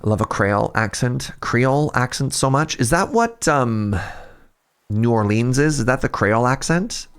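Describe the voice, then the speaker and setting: A man's voice: medium pitch, expressive, moderate pace, clear, resonant tone. A man with a Canadian Pacific Northwest accent, chatting casually with viewers as he streams a fishing game, rambling and laughing often. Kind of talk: casual livestream chat with viewers.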